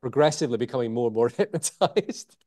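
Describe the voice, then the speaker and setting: A man, a guest in an interview, explaining communication techniques in an animated way, changing his pace and pausing for emphasis. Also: medium pitch. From Scotland. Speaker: communication author and trainer.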